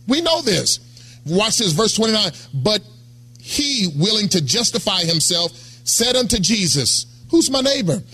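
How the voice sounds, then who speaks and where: A middle-aged pastor preaches in a high, bright voice. He talks to the congregation like a friend, checking in with them again and again. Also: big pitch swings, moderate pace, breathy edge. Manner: conversational preaching, calls out to congregation. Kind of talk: sermon.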